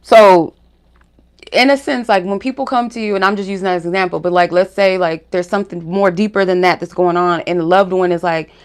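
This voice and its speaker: A woman's voice: fairly low pitch, steady tone, brisk, clean tone. Frank chatty woman vlogging. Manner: frank, chatty, with frequent fillers and asides. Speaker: spiritual reader and channel host. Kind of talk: casual direct-to-camera monologue.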